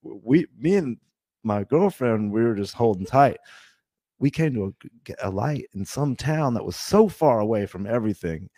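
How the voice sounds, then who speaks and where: A man's voice: mid-range voice, animated, normal speed, mellow, dry recording. A man in his fifties telling a long story as a guest, rambling, with many restarts and fillers. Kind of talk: casual storytelling.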